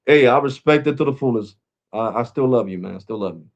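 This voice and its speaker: A man's voice: medium pitch, fast talker, muffled recording. A man vlogging, ranting to his viewers in a blunt, mocking way. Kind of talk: opinion rant to camera.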